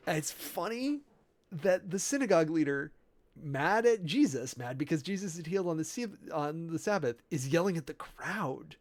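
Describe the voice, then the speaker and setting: A preacher with a slightly high voice and lively intonation loosely drafts a sermon aloud. He picks over Greek vocabulary, hesitating, using fillers, and correcting himself, and finds the details amusing.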